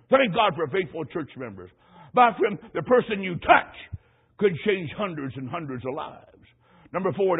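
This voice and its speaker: High, husky male preacher, folksy storyteller, phone-thin radio sound. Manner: folksy storytelling, emphatic rising lines. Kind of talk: sermon with personal story. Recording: tinny phone-like radio broadcast.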